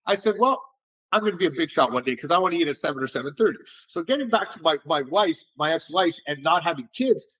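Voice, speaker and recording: A middle-aged man, an entrepreneur being interviewed, telling stories in a casual, animated way and often repeating words as he restarts. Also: on the high side, fast talker. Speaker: entrepreneur guest.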